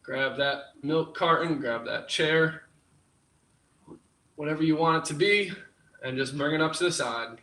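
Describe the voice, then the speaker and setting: A man's voice: a little high, unhurried, pauses often, bright, forceful tone. A young man leading a live home workout class, counting down reps and joking along the way. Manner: upbeat, jokey, counts down reps. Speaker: fitness instructor. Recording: echoey room, far from the mic.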